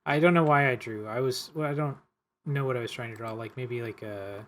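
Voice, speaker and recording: A man playing a board game, chatting casually in a hesitant, halting way. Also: mid-range voice, fairly bright tone, slight background noise. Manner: hesitant, many fillers and restarts. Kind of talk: casual chat.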